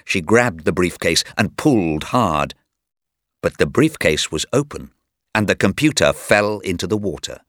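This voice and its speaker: A man narrating a scripted story for learners, reading slowly and clearly. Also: sits low, animated, a bit bright, dry recording, studio quality.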